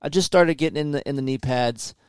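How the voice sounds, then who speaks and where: A man in his forties co-hosting a podcast, telling his story in a casual, animated and impatient way, with many restarts. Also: medium pitch, a little fast, clean tone, dry recording. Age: 40s. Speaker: podcast co-host. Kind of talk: casual chat.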